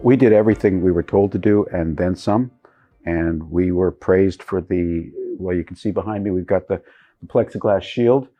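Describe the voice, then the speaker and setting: A man's voice: deep voice, normal speed, dull audio, soft background music. A man who runs a comedy club, speaking earnestly in an interview at his club. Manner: earnest, matter-of-fact. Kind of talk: documentary interview. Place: comedy club behind plexiglass.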